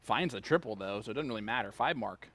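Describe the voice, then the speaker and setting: A man's voice: lowish voice, lively intonation, fast talker, fairly bright tone. A man commentating live darts, chatty and joking as he reads out player stats.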